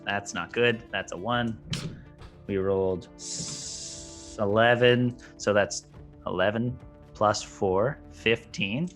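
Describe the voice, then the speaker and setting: A man playing a tabletop game, chatting casually and excitedly about his dice rolls. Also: lowish voice, takes it slowly, soft background music. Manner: excitable, laughing dice-roll banter. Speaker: player.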